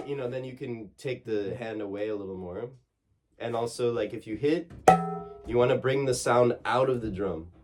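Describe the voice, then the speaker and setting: A man giving a relaxed one-on-one drum lesson, explaining strokes in halting phrases and singing out the drum syllables. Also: medium pitch, loud music behind the voice. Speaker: drum teacher. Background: drumming.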